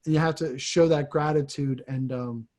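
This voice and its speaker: A man, a priest, talking reflectively in a casual conversation, pausing and restarting his sentences often. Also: medium pitch, fairly even intonation, darkish tone. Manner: reflective, halting, frequent restarts.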